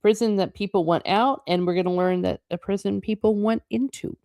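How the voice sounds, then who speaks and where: A woman's voice: mid-range voice, steady tone, fairly quick, warm tone, dry recording, clean studio sound. A woman reading a novel aloud and breaking off for casual, chatty comments, laughing often as she reacts to the text. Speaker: book channel host.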